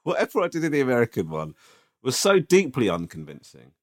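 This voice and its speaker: A man with a lively, bouncing pitch, recounting an anecdote in loose, profane podcast chat. He keeps checking in with his listener as he talks. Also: fairly quick. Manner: animated, swearing, tag questions. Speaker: podcast co-host. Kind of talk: casual storytelling chat.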